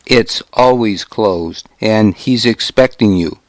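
A man's voice: lowish voice, takes it slowly, dry recording. A man voicing a defiant, sneering male informant in an audiobook, speaking in short, scornful lines. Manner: curt, scornful.

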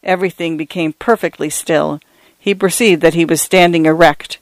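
A man reading a story aloud in a measured, dramatic way. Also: fairly high pitch, fairly even intonation, no echo, poor audio. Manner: dramatic, measured, lingering on phrases. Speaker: narrator. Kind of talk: storybook narration.

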